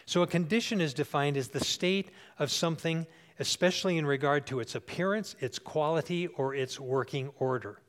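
A man's voice: on the high side, normal speed, few pauses. A pastor in his sixties preaching a sermon in a church, talking conversationally, checking in with the congregation and repeating phrases for emphasis.

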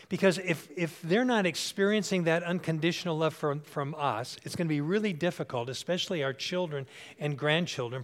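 Man in his sixties, pastor, sermon, somewhat high voice, conversational, repeats for emphasis, church. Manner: conversational, checks in with "okay?", repeats phrases for emphasis.

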